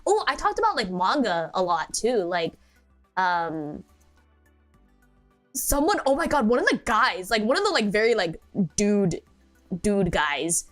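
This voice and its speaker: A young woman chatting on a livestream. She rambles and giggles through her stories, leaning on filler words, at an ordinary pitch. Soft music plays faintly behind her. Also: sing-song, measured pace, pauses often. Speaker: VTuber streamer. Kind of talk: casual stream chat.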